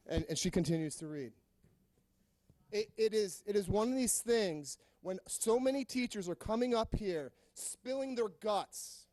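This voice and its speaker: A man's voice: high-pitched, darkish tone, dry recording. A male teacher giving a confrontational, emphatic public comment to a school board. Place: public board meeting room.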